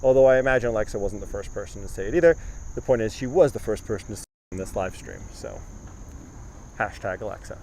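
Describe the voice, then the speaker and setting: A man's voice: fairly low pitch, very animated, fast talker, darkish tone. Man live-streaming a garden tour. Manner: casual, reads viewer comments aloud. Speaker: tour guide. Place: outdoors in a garden. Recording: outdoor live stream with clear background noise.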